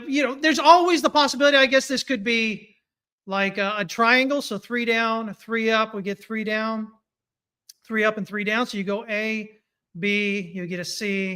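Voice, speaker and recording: A man's voice: high voice, normal speed, clean tone. A man giving casual live-stream commentary on price charts, reading viewer comments as he goes. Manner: animated, talks through charts, reads viewer comments. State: hiccuping. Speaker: market analyst streaming chart analysis.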